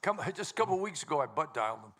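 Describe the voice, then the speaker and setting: A man's voice: a little high, big pitch swings, racing, a bit bright. A man hosting a live music show, chatting and joking loosely with a laughing crowd from the stage. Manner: joking, rambling, laughs often. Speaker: show host and band singer. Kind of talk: casual stage banter before a live audience.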